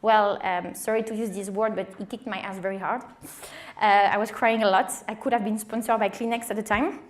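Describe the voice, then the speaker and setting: A woman in her thirties with a French accent and a small voice, telling her career story in a lively conference talk with many fillers. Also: medium pitch, fairly quick. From France. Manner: animated, acts out quoted dialogue, many fillers. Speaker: wine director giving a conference talk.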